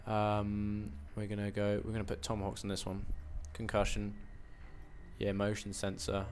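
A man's voice: on the low side, monotone, normal speed, a little mellow, a little hiss or hum. Rambling young man with a put-on American accent. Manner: rambling, self-mocking, fillers and asides. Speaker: gaming commentator. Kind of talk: live game commentary.

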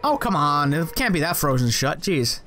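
High-voiced, swearing man playing a game. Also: sing-song, moderate pace, a bit bright, a little hiss or hum. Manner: profane, jokey, talks to game enemies. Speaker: gameplay commentator. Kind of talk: let's play commentary.

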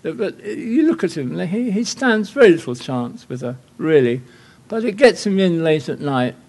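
A man's voice: on the high side, very animated, normal speed, darkish tone. An older man with an English accent giving a guest lecture with slides, wry and anecdotal, full of rambling asides.

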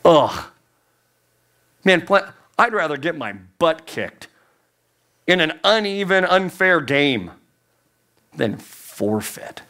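A man's voice: fairly high pitch, very animated, takes it slowly, long pauses, sharp tone. A man preaching a sermon as a youth pastor, emphatic and repeating key phrases, his voice climbing on the points he stresses.

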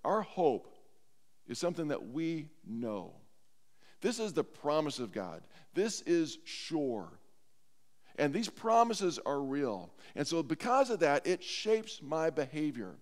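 A man preaching a sermon as pastor, earnest and slowing down to stress scripture lines. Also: on the high side, huge pitch swings, in a large hall. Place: church sanctuary.

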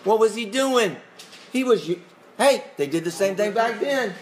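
A man's voice: high voice, lively intonation, normal speed, a crowd in the background. A man teaching a Bible class who questions his listeners in a conversational way and chuckles often.

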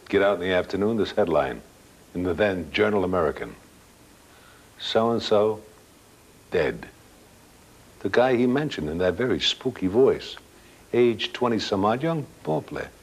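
An older man casually telling a personal anecdote as a guest, halting at times and acting out dialogue. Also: low voice, slightly rough, poor audio. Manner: plain-spoken, halting, with restarts and quoted dialogue. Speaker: guest storyteller.

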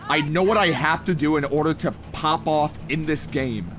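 Young guy streaming a game, hyped and slangy, talks to chat, voice a bit high, faint music under it. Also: normal speed, hardly any pauses. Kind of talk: live gaming stream, reading chat.

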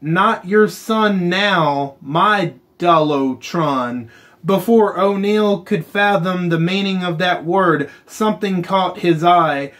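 A man hosting a gaming channel, chatting casually over gameplay and slowly reading story text aloud with muttered asides. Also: high-pitched, a bit bright.

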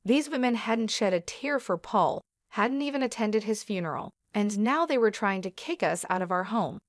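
A woman narrating a dramatic first-person story in an even, measured way. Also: mid-range voice, no room sound, clean studio sound.

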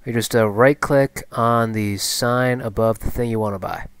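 A man's voice: medium pitch, steady tone, normal speed, smooth, no room sound. Male co-player, easygoing matter-of-fact chat, dry recording. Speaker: co-player on a stream. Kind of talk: casual gaming chat.

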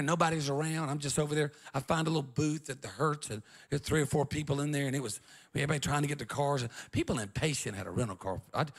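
A middle-aged male pastor, preaching a revival sermon and telling stories in an animated way, often shouting and laughing. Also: fairly high pitch, breathy edge.

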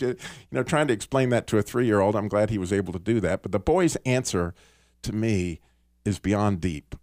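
A man hosting a Christian radio talk show, telling a story in an earnest, animated way with small restarts. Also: on the low side, normal speed, no echo, clean studio sound. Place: radio studio.

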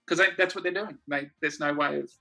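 An easygoing Australian man tells stories over a video call and laughs often. His voice is bright and a little husky, and it sits slightly high for a man. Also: fairly even intonation, fast talker, faint music behind. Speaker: comedy co-host.

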